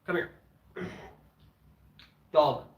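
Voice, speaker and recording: A man streaming from home with his dogs, chatting casually as he eats, blunt and opinionated, clearing his throat often. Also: drawn-out words, lo-fi sound. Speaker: streamer eating on camera and answering chat. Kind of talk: casual rambling chat and rant. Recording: echoey room.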